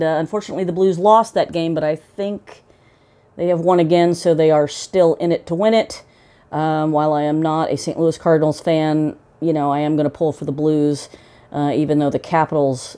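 Lady pipe vlogger chatting to camera, bit low-voiced, lots of ums and uhs, pokes fun at herself. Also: fairly even intonation, moderate pace, warm tone. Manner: rambling and self-mocking, many fillers. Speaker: pipe-smoking vlog host. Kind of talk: casual chat to camera.

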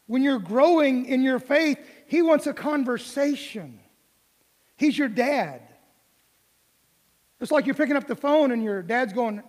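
A man's voice: extremely high pitch, a little slow, pauses often, a little mellow, big-room sound. A middle-aged male pastor preaching a folksy, conversational sermon in a church, with light humor. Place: church sanctuary.

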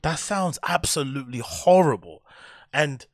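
A man's voice: fairly high pitch, a little slow, no room sound, studio quality. A man hosting a podcast, giving blunt, rambling, sweary commentary in a casual chat. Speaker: podcast host.

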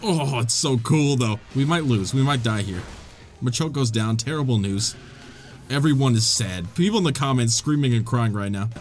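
A young man giving excitable, swearing let's play commentary, his voice jumping high when the game gets tense. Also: normal speed, faint music behind. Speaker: gaming YouTuber.

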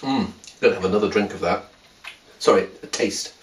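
A man's voice: fairly low pitch, brisk, far from the mic, noisy background. Chatty man reviewing wines, roomy sound. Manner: chatty, wry, full of restarts and asides. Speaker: wine reviewer. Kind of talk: casual wine tasting video. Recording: roomy sound, voice a bit off mic.

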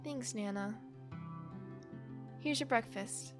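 A woman's voice: fairly high pitch, slow, over music. A woman YouTuber reading a webcomic aloud and reacting to it, bubbly and gushing, with frequent giggles.

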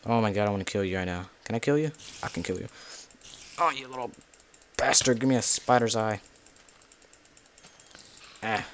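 A man's voice: lowish voice, a little fast, long pauses, slight background noise. A man giving casual, rambling commentary while playing a video game, talking to himself and cussing at the monsters. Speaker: gameplay video creator.

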